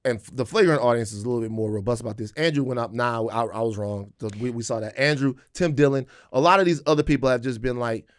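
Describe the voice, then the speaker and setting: A man co-hosting a podcast, talking politics in a casual, profane, animated way and acting out quotes. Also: medium pitch, fast talker, few pauses, no echo, studio quality. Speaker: podcast co-host.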